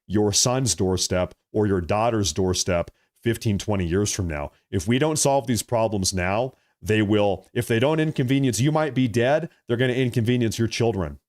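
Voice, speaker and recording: A young man hosting a live political stream, ranting in a heated, combative way with profanity, his voice swinging between loud outbursts and low muttering. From United States. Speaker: political livestream host.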